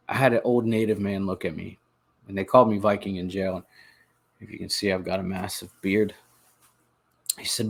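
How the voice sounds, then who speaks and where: Man, podcast host, husky gravelly voice, earnest halting confessional delivery. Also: sits low, flat delivery. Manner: earnest, halting, with repeated words and restarts. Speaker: podcast host telling his recovery story. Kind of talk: confessional personal narration.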